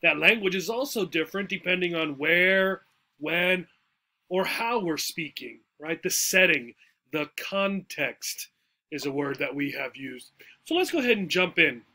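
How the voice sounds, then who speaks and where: Man, english teacher, high-pitched, chatty explaining, frequent comprehension checks. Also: lively intonation, a little slow, bright, forceful tone. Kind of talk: explaining a textbook dialogue.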